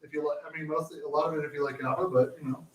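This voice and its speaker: A man's voice: a little high, steady tone, racing, a crowd in the background. Rambling man chatting from a roomy kitchen. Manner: rambling, full of fillers and restarts. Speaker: cooking show co-host. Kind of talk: casual chat while cooking. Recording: roomy, distant mic, faint noise.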